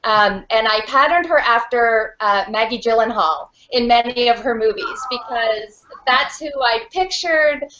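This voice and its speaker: A woman's voice: fairly high pitch, a little slow, hardly any pauses, sharp tone, slight background noise. Frank, outspoken woman on a dull video call. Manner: frank and outspoken, many fillers. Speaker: author being interviewed. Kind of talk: candid video call interview.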